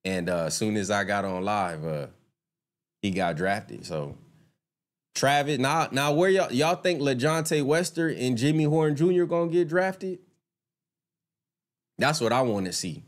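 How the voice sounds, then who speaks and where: A male streamer riffing live to his chat in an everyday mid-pitched voice. He talks loosely and curses without a second thought. When something bothers him he turns heated and indignant. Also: measured pace, pauses often. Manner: chatty, addresses viewers, swears freely. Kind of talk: casual live-stream commentary.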